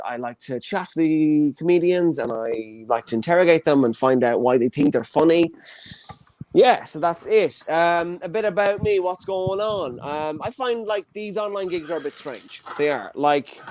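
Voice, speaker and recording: A man's voice: a little high, expressive, measured pace, darkish tone, a little hiss or hum. An Irish man in his twenties hosting a live online comedy show from his childhood bedroom over a video call, with a joking, chatty stand-up delivery. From Ireland. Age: 20s. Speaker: host.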